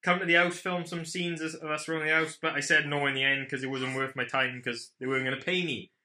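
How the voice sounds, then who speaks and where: A man's voice: a little high, level tone, quick pace, bright, forceful tone. A young man co-hosting a casual podcast from home, chatting in sweary, joking banter. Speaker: podcast co-host. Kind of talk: casual chat.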